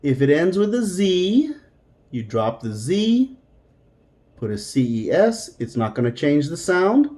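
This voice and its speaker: A man's voice: fairly high pitch, big pitch swings, measured pace, a little mellow. A man teaching a recorded beginner Spanish lesson, explaining patiently step by step and repeating words.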